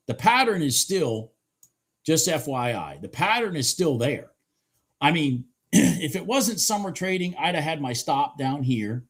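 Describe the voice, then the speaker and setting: A man doing live commentary on his day trades, hoarse and clearing his throat, cheering the chart on and swearing casually. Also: mid-range voice, lively intonation, normal speed.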